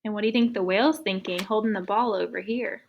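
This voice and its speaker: A woman's voice: medium pitch, fast talker, creaky, highs cut off, a little hiss or hum. A woman teacher reading a picture book aloud to young students, patient and asking many questions.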